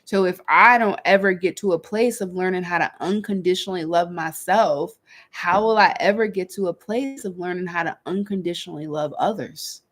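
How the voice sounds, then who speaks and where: A woman who works as a life coach, talking candidly in a reflective monologue and acting out her own inner dialogue with lively shifts. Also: fairly low pitch, moderate pace. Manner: candid, animated storytelling with quoted inner dialogue.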